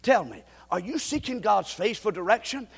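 A male pastor preaching a sermon in a church, with emphatic delivery that surges into shouts. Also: sits high, lively intonation, normal speed, gravelly, husky, big-room sound. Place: church sanctuary.

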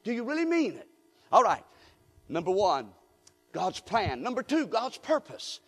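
A male pastor preaching a sermon in a church, with call-and-response and rising shouts. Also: high voice, wildly swooping pitch, a little slow, in a large hall. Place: church sanctuary.

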